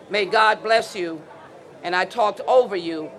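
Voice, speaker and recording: A man, a lawmaker, giving a measured, solemn speech at a memorial and closing in prayer. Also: sits high, a crowd in the background.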